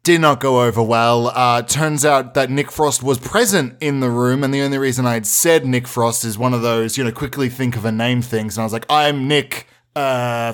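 A man hosting a podcast, telling a rambling, absurd comic anecdote with restarts and mock-serious asides. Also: mid-range voice. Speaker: podcast host. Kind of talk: improvised comic storytelling.

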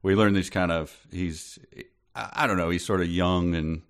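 A man's voice: deep voice, steady tone, normal speed, clear, resonant tone. A man co-hosting a podcast, chatting casually with dry humor and frequent laughter. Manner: dry, amused, laughs often. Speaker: podcast co-host. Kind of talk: casual comedic chat.

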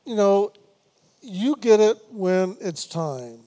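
A man with a high, mellow voice gives a spiritual meditation talk. He speaks slowly and repeats himself on purpose. He teases his listeners gently and laughs now and then. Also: lively intonation. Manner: unhurried, repetitive, gently teasing with laughs. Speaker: spiritual teacher.

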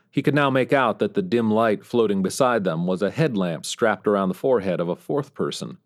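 A man with a lowish voice narrates a story in scripted fashion. His delivery is measured and steady, built for an audiobook.

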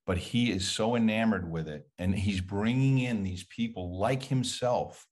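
A man speaking as a guest on a podcast in a measured, conversational way. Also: fairly low pitch, darkish tone. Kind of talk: casual conversation.

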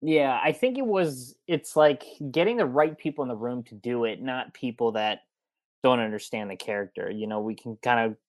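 A man's voice: medium pitch, normal speed, dry recording. A man in casual podcast chat, easygoing and thoughtful. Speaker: podcast co-host.

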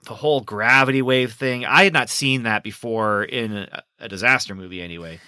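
A man with a bright, forceful voice, talking through a film in casual review chat. He is animated and laughs often. The sound is dry and close. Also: medium pitch, brisk, clear, resonant tone, dry recording. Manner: animated, laughs often, acts out quoted lines. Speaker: podcast co-host.

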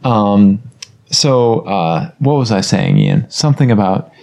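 A man with a mellow, warm voice co-hosts a casual podcast. He talks with an encouraging, coaching tone, recorded in a bedroom. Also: on the low side, lively intonation, slow. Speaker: podcast co-host. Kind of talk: casual chat.

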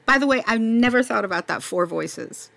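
Woman in her 50s, podcast host and teacher, bright tense tone, dry close sound, laughs easily. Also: a little high, moderate pace, vocal fry, no room sound. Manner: chatty, laughs often, animated retelling. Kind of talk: casual chat.

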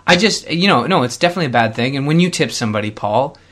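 A young man of middling pitch talks casually on a podcast. He is blunt and opinionated and keeps jumping into quick asides. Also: lively intonation, a bit bright. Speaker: podcast co-host. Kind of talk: casual chat.

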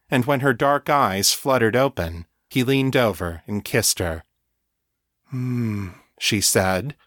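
A man reading an audiobook story in calm, measured scripted narration. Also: on the low side, dry recording, clean studio sound.

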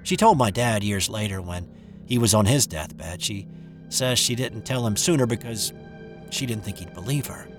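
A man reading a first-person ghost story aloud in an expressive, dramatic way. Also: fairly low pitch, normal speed, over music.

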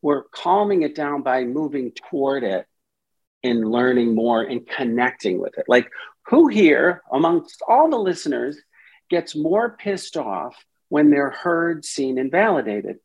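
Guy therapist on a podcast, kinda husky breathy voice, middle pitch, talks things through. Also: sing-song, a little slow, darkish tone, highs cut off. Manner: acts out inner voices in quoted asides. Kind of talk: explanatory interview talk.

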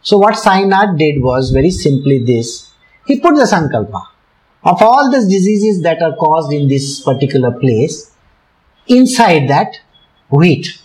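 On a low-quality recording, a man with an Indian English accent and a slightly high, mellow voice tells a devotional story in a very animated yet slightly slow way. Like a teacher working through a devotional book, he patiently explains its terms and chuckles often.

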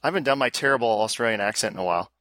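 A man co-hosting a casual podcast over a call, chatty and animated, quick to laugh and ramble. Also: mid-range voice, no room sound. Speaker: podcast co-host. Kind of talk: casual chat. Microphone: remote call.

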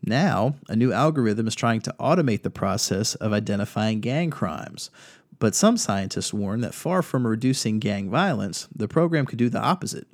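A man's voice: on the low side, expressive, moderate pace, dry recording, studio quality. A man hosting a podcast, reading news quotes and adding casual commentary. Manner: reads quotes from articles, adds opinion. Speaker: podcast host.

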